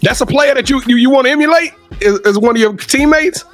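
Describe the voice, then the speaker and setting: A high-pitched man hosts with loud, slangy energy, stumbling over and repeating words as he gets going. He sounds excited throughout, with faint music underneath. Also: fast talker. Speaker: interview host. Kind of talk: casual hype interview.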